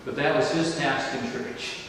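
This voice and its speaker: A man's voice: mid-range voice, steady tone, a bit bright, slight background noise. Older man preaching in an echoey hall. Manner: slow, emphatic preaching with rising exclamations. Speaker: pastor. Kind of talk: sermon. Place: large church or banquet hall. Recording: distant, echoey hall recording.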